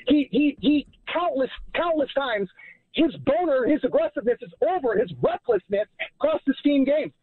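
A man's voice: very high voice, expressive, moderate pace, no room sound. A man calling into a sports radio show over a phone line, ranting in a heated, argumentative way. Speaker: caller. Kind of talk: sports radio call-in rant.

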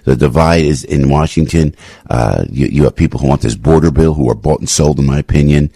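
Man, radio host, deep husky voice, heated rambling monologue, dry studio sound. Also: a little fast, dark tone, no room sound. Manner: rambling, impassioned, frequent restarts and sudden pitch jumps. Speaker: radio talk show host. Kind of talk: opinionated talk radio monologue.

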